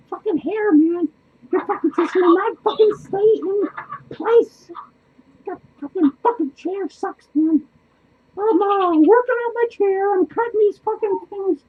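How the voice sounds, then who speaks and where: Squeaky high clown guy, swears nonstop, rambly and unhinged, dull lo-fi sound. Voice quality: squeaky, swears constantly, laughs wildly. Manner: excitable, rambling, loses his train of thought. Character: foul-mouthed lonely male clown, manic and rambling. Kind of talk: comedic character monologue. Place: small cluttered home studio indoors.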